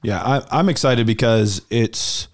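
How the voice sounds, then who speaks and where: A podcast co-host with a mid-range voice talks a little slowly in a casual chat. He rambles, using many fillers.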